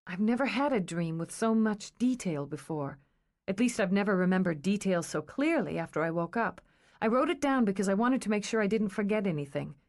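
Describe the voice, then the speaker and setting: A woman's voice: medium pitch, animated, a little fast, a little mellow, natural voice. A woman reading aloud, voicing an earnest young woman unsettled by something strange.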